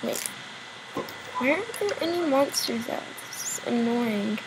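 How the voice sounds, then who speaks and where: Young woman, slow rambling game commentary, higher voice, noisy home recording. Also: sing-song. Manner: rambling, playful, muttering to herself. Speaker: gamer. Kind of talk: casual let's-play commentary. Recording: home recording with clear background noise.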